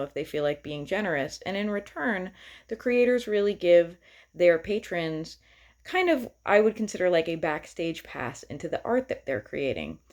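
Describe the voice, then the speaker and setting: A woman songwriter with a slightly low-pitched voice talks to her viewers in a loose, chatty vlog. She sounds enthusiastic and often pauses on fillers. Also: darkish tone. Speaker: singer-songwriter.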